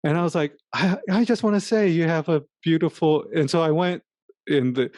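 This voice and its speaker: A man co-hosting a casual talk show, telling a personal story in a halting, rambling way with many restarts. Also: on the high side, a little mellow, no echo, studio quality. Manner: self-reflective, acts out his own inner voice. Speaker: podcast co-host. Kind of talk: casual conversation.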